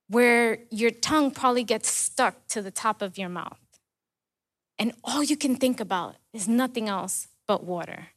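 A woman with a somewhat high voice preaches a sermon. She asks the listener rhetorical questions and leans on repetition to stress her points. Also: unhurried, a bit bright.

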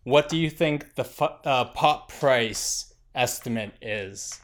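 A man's voice: mid-range voice, slow, a bit bright. A young man co-hosting a podcast in casual chat, dry and wry, with some swearing. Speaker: podcast co-host.

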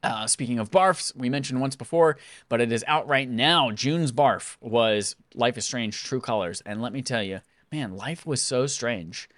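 A man's voice: medium pitch, measured pace, no echo. A man hosting a podcast, talking in a casual, jokey way as he signs off the show into a studio microphone. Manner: jokey, animated. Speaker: podcast host.

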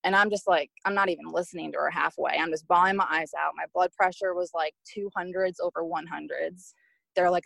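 Young woman, podcast guest, slightly low with a gravelly edge, recounts her experience openly. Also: steady tone, a little fast, a bit bright, no room sound. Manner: candid, emotional retelling with quoted speech. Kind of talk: personal storytelling.

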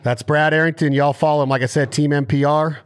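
A man's voice: fairly high pitch, little pitch movement, a little fast, clean tone. A man hosting a podcast, talking in a folksy, heartfelt way and often repeating himself. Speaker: podcast host. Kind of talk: casual podcast chat.

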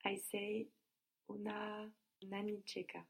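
A woman learning a language, giving soft, hesitant answers and repeating phrases slowly. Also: medium pitch, monotone, gravelly, breathy edge.

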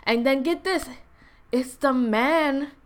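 A woman's voice: sits high, slow pace. A young woman telling a personal story in a blunt, casual, slangy way, full of fillers and restarts.

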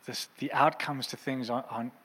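A man's voice: medium pitch, steady tone, fairly quick, sharp tone, husky, big-room sound, low-quality recording. A man preaching a sermon as a pastor, earnest and impassioned, in a church auditorium.

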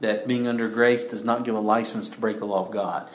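Guy preaching a sermon, emphatic, rhetorical questions, mid pitch, echoey room. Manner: emphatic, asks rhetorical questions, slows for stress.

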